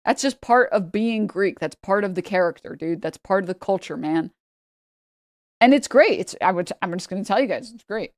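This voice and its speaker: A woman from New York, a streamer reacting to clips in casual commentary, emphatic and repetitive, swinging loud for effect. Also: medium pitch, lively intonation, moderate pace, no echo, studio quality.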